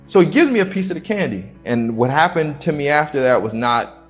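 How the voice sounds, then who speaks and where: Halting man telling a personal story. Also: on the high side, very animated, soft background music. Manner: slow, halting storytelling with casual slang. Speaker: interview guest. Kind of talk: recounting a personal story in an interview.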